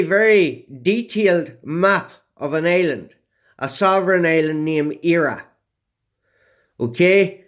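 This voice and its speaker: Slow, emphatic man. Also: high voice. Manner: punctuates points with repeated "okay?" and "yeah?"; emphatic, drawn-out delivery. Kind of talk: explaining documents to camera, addressing viewers.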